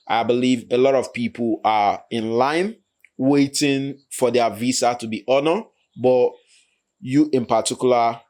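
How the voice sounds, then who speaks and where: A man hosting a channel, giving his measured opinion in reaction commentary. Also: medium pitch, a little mellow.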